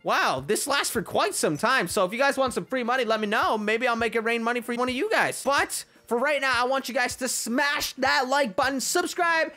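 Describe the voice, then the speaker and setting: A woman hosting a gaming video, giving playful gameplay commentary in an excitable, teasing way and laughing often. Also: high voice, moderate pace, hardly any pauses.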